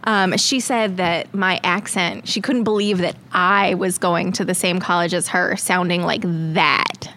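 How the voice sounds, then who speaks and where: A woman's voice: lowish voice, fairly even intonation, measured pace, few pauses, bright, forceful tone, a little hiss or hum. A woman from Long Island, with a slight Long Island accent, chatting casually as a podcast guest and laughing often. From Long Island, New York. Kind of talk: casual chat.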